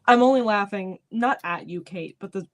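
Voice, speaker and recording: A woman hosting a book club chat over a casual video call speaks at normal speed in a mid-range voice. She has a light North Carolina accent, laughs a lot, and talks animatedly.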